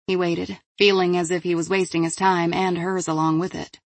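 In a close, dry recording with no room sound at all, a woman with a fairly low voice narrates crime fiction. She reads it as a scripted audiobook, keeping her delivery measured and even.

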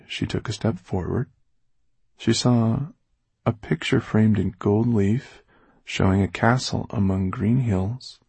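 A man reading a novel aloud in a measured, deliberate storytelling manner. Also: deep voice, gravelly, a little mellow, husky, dry recording. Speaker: audiobook narrator. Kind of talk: scripted narration.

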